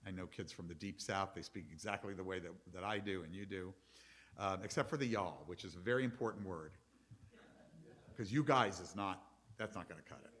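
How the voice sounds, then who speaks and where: A man's voice: deep voice, fairly quick, fairly bright tone. A middle-aged man, a rabbi, giving a chatty, explanatory lecture to his congregation and taking questions from the audience.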